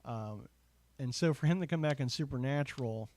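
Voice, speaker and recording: A man's voice: medium pitch, moderate pace, darkish tone, no echo. Rambling, chatty man with a dry sound. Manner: rambling, enthusiastic, full of fillers and asides. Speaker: podcast host. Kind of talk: casual chat.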